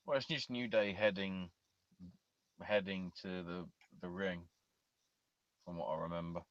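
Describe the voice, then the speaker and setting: Low-pitched male co-host, slow and crude, dry lo-fi sound. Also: fairly even intonation, no echo. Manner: crude, joking, trailing off. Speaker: podcast co-host. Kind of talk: casual chat.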